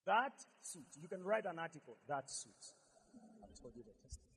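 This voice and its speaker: A man preaching a sermon as pastor, emphatic and repetitive, swinging from shouts to quiet asides. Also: on the high side, big pitch swings, fairly quick, husky, in a large hall.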